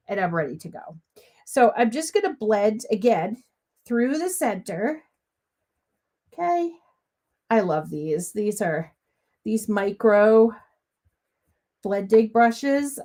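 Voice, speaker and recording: A woman's voice: a little high, a little mellow. A middle-aged woman demonstrating papercrafts live from her home craft room, talking in a chatty, bubbly way, a little sniffly with a cough.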